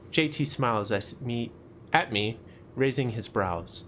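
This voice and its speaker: Brief: young man, mid-pitched, reads a game story aloud and breaks off to chat casually. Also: animated, measured pace, a bit bright, a little hiss or hum. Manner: casual, chatty asides with laughter. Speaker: streamer reading a visual novel.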